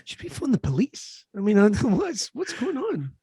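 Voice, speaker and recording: A man's voice: very high voice, wildly swooping pitch, moderate pace, dark tone, husky, pitched above the performer's own voice, heavily acted. A man voicing an alarmed, fussy woman passenger on a plane, asking fretful questions in a comedy podcast bit.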